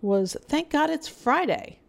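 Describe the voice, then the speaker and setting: Slow, gravelly woman rambling about films. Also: sits high, expressive. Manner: rambling, filler-heavy, reads award lists aloud. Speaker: podcast co-host. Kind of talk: casual film review chat.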